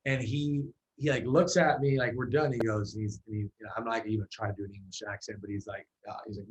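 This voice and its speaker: A man's voice: fairly low pitch, fairly even intonation, quick pace, hardly any pauses, rough recording. A man, a musician guest in an interview, telling a story in a loose, casual way with many fillers and restarts.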